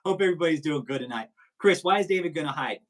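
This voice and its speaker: A man hosts a live stream in casual commentary. He is profane and combative and rambles freely. His voice sits a little high. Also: animated, racing, rough recording. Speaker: stream host.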